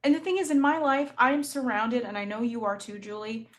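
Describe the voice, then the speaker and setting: A middle-aged woman with a high-ish, steady voice speaks briskly while co-hosting political commentary. Outraged and impassioned, she stammers as she launches into each point, restarts often, and quotes people sarcastically.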